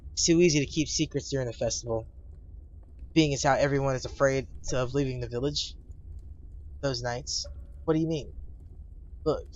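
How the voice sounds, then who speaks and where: A man voicing a weary, guarded, blind old lighthouse keeper who tells his story in a halting, solemn way, recorded on dull lo-fi stream audio. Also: medium pitch, lightly acted.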